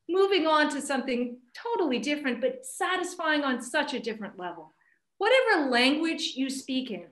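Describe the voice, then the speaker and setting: High, lively woman debating for laughs. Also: echoey room. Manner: playful, theatrical emphasis. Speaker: faculty debater. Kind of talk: comedic debate speech. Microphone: video call.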